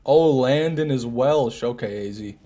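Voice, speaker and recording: A man's voice: mid-range voice, measured pace, warm tone. A man streaming a game live, teasing and bantering with his chat. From United States. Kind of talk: live gameplay commentary.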